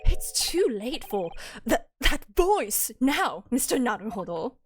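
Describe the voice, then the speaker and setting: A woman voicing an eccentric gentleman detective, reading game dialogue with grand, pompous, old-fashioned phrasing. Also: fairly high pitch, very animated, slow pace, faint music behind, exaggerated voice.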